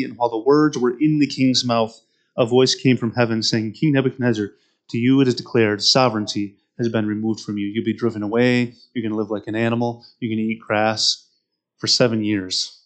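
A man's voice: mid-range voice, steady tone, fairly quick. A man preaching a sermon who reads scripture aloud and then explains it directly to his listeners, often repeating words as he goes. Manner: repeats words and restarts mid-phrase.

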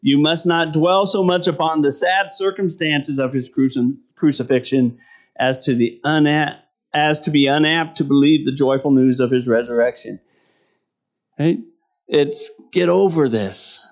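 A man's voice: on the high side, unhurried, a bit bright. A middle-aged man preaching a sermon in a conversational way, often asking "right?" and laughing between points.

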